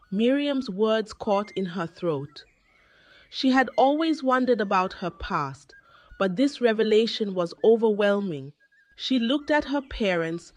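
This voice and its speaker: Brief: female storyteller, scripted narration, slow dramatic delivery. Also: a little high.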